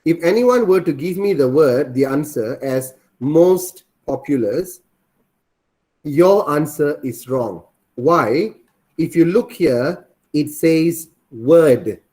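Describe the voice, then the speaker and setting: Male teacher, slightly high voice. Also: animated, slow, dark tone. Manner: repeats points and quizzes students. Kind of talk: online class teaching.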